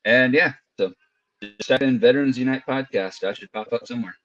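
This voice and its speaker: A man's voice: medium pitch, a little fast, a bit bright, faint music behind. A man as a podcast guest, chatting casually and telling laid-back stories over an internet call. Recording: dull lo-fi call audio.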